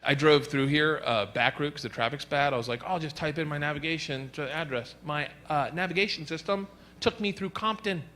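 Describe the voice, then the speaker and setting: Loud storytelling man on a comedy stage. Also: on the high side, a little fast. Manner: loud storytelling, acts out quotes in shifting voices. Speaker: stand-up comedian. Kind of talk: stand-up comedy set. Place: comedy stage before a laughing audience. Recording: live stage mic with audience noise.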